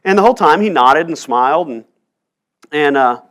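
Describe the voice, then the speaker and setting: A man's voice: fairly high pitch, animated, normal speed, fairly bright tone. A male pastor preaching a sermon in church, telling stories earnestly and pressing rhetorical questions. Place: church sanctuary.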